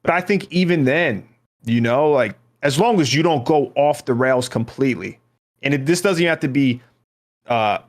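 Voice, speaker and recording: A man's voice: medium pitch, animated, normal speed. A man hosting a casual podcast, talking in a loose, rambling way and passing questions to his co-hosts. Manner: rambling, hesitant, full of restarts. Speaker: podcast host.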